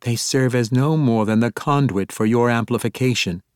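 A man voicing a proud elf priestess woman in an audiobook, speaking in a measured, solemn and formal way. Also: mid-range voice, clean tone, dry recording, studio quality, pitched above the performer's own voice, natural voice.

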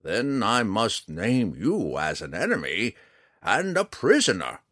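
A man voicing a wry, charming old male forest ranger in an audiobook, speaking slowly and theatrically. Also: huge pitch swings, fairly bright tone, no room sound, clean studio sound, exaggerated voice. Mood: stern. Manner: slow, booming, theatrical delivery.

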